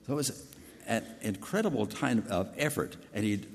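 Older male preacher, big deep voice, earnest storytelling sermon, reverberant hall. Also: lively intonation, normal speed. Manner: earnest, personal storytelling with restarts.

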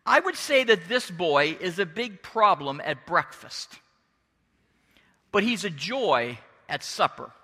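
A middle-aged male pastor preaching a sermon as an expressive storyteller who slips into character voices. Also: sits high, takes it slowly, big-room sound.

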